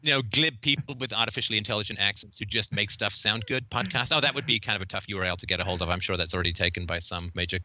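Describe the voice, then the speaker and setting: A man with a mixed British and Canadian accent, a podcast guest chatting casually in a quick, wry, joking manner. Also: fairly low pitch, sharp tone, dry recording. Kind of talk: casual interview chat.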